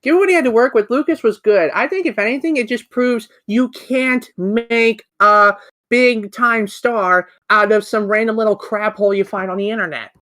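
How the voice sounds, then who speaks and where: A woman co-hosting a podcast in casual chat over a computer mic, blunt and quick to swear. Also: a little high, fairly bright tone, no echo, rough recording. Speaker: podcast co-host. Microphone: computer mic on an online call.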